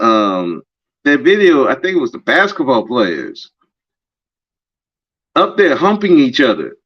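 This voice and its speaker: Animated high-voiced man ranting solo. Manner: animated, emphatic, acts out quoted dialogue. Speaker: podcast host. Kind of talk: casual monologue commentary. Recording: dull lo-fi recording.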